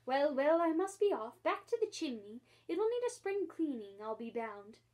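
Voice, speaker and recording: A woman's voice: sits high, expressive, normal speed, dark tone. A woman voicing a cheeky, chatty old male starling with a perky, wheedling manner in a storybook reading.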